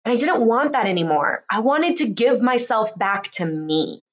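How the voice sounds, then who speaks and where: A woman's voice: a little high, animated, moderate pace. A woman coach giving an earnest, heartfelt morning motivational talk, chatty and laughing now and then. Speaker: life and relationship coach.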